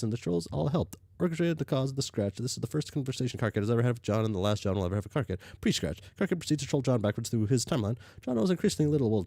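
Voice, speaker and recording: Gravelly, animated man reading aloud. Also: medium pitch, no echo, clean studio sound. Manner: halting, stammers and restarts, mutters to himself. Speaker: streamer reading a webcomic aloud. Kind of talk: casual reaction stream, reading aloud.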